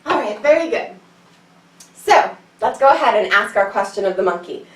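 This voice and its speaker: A woman's voice: mid-range voice, lively intonation, moderate pace, roomy sound, distant mic, poor audio. A woman teaching a children's yoga class, telling a story in a playful, sing-song way while guiding poses.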